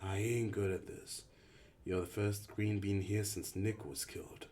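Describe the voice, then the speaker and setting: A man reading an audiobook, voicing a rough, bossy teenage boy who leads a group and talks in gruff slang. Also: on the low side, steady tone, unhurried, a little hiss or hum, close to an everyday voice. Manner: gruff slangy talk, snaps and shouts.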